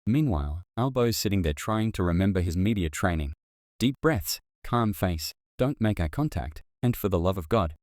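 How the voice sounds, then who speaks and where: Brash deep-voiced Australian man narrating. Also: a little mellow, no room sound, studio quality. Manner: brash, slangy and jokey. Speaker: commentary channel narrator. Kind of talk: scripted narration.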